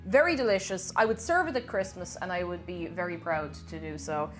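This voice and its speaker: A woman, chatting casually on a live stream and reading her chat aloud with animated exclamations. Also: lowish voice, fairly quick, faint music behind.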